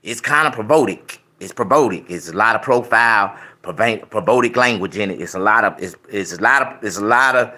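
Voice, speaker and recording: A man in his fifties talking loudly and casually to his viewers while eating, rambling and preaching between bites and humming over his food. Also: lowish voice, lively intonation, brisk, hardly any pauses. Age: 50s. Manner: loud, preachy, with rambling riffs; chews and hums with food in his mouth. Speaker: YouTube vlogger.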